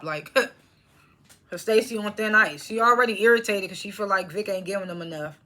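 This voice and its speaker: Reviewing a TV episode in a casual monologue, a young woman speaks at a moderate pace with a mid-range voice and a sharp tone. She laughs a lot, leans on fillers to link her thoughts, and keeps chewing snacks while she talks.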